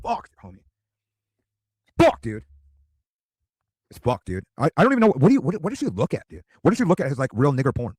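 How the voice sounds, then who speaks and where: Casual: fifties guy going off, crude and rambly, husky dry voice, talks fast. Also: medium pitch, huge pitch swings, a little mellow, no room sound. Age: 50s. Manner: profane, rambling, repeats "dude". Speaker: streamer. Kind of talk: crude ranting monologue.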